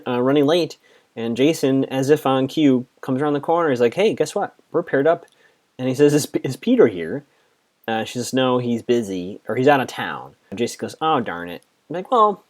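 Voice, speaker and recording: A man's voice: mid-range voice, darkish tone. A man hosting a podcast, casually recapping a TV episode in a chatty, reactive way, quoting characters as he goes. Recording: muffled lo-fi audio.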